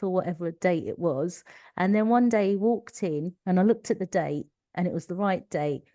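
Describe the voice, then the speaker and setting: A woman's voice: fairly low pitch, expressive, brisk, dark tone, no room sound, studio quality. A middle-aged woman with a Cockney accent, a podcast guest telling stories from her working life with frequent laughter. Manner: chatty storytelling with frequent laughter. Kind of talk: conversational interview.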